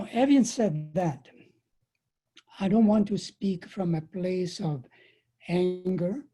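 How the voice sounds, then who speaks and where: Slow, dark-voiced woman giving a talk. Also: medium pitch, slightly rough, rough recording. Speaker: webinar speaker. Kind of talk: prepared political talk. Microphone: computer mic on a video call.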